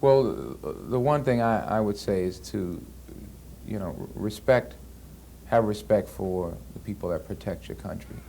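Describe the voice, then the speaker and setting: Gravelly-voiced actor, relaxed and hesitant. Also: male voice, fairly low pitch, measured pace. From United States. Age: 30s. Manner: relaxed, hesitant, with many fillers and restarts. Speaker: actor being interviewed. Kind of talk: casual interview answers. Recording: archival interview tape with faint hiss.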